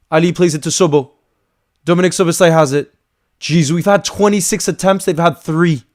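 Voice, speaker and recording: Excitable male fan calling a match. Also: a little high, moderate pace. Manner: emotional, swings from frustrated to screaming excitement; calls play by play, repeats phrases. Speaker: fan watchalong host. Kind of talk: live fan commentary.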